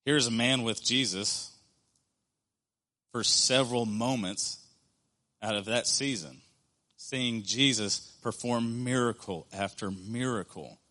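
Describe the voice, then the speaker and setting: A man in his thirties preaching a sermon in an earnest, conversational way, slowing down with pauses to stress a point. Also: medium pitch, pushed and bright.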